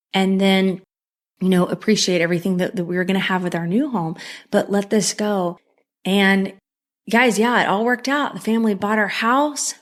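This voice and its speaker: Earnest woman podcast host. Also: medium pitch. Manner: earnest and heartfelt, with emphatic repetition. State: moved, near tears. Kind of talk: solo mindset podcast monologue.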